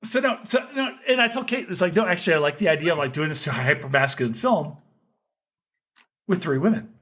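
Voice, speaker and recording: A man from Kentucky hosting a podcast, chatting casually over drinks in an excitable way, swearing freely and using lots of fillers. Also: fairly high pitch, fast. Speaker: podcast host.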